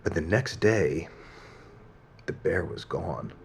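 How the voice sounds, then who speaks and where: A man in a game role reading a fairy tale aloud as a gentle bedtime story. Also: sits low, lively intonation, slow pace, vocal fry, a little hiss or hum, exaggerated voice. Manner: gentle storytelling, softening at the end.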